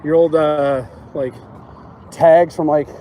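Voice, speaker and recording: A man's voice: fairly high pitch, little pitch movement, takes it slowly, mellow. A man hosting a casual walking livestream on city streets, trading crude jokes with a guest. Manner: crude joking banter. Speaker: streamer host. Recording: outdoor street noise.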